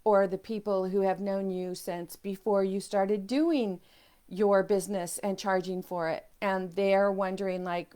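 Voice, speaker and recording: A woman's voice: medium pitch, steady tone, normal speed, darkish tone. Earnest woman coaching on self-worth. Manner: earnest, voices inner doubts in quoted asides. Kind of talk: motivational video talk.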